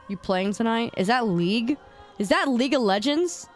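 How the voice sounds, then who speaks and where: A woman streamer reacting to memes live, loud and exclamatory, repeating her phrases over and over. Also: on the high side, sing-song, normal speed. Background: music.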